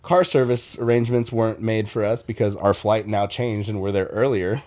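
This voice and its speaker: A man's voice: fairly low pitch, moderate pace. A man telling a story in casual podcast chat, loose and profane, full of "like" fillers and restarts. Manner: rambling, animated retelling with restarts. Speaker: podcast co-host.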